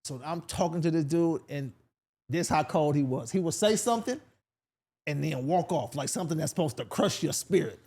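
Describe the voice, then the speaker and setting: A male comedian from Sacramento spins a long story in a relaxed podcast chat. His voice sits a bit high for a man, and he jumps into other people's voices as he tells it. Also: normal speed. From Sacramento, California. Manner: animated, acts out voices in his stories. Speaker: comedian guest.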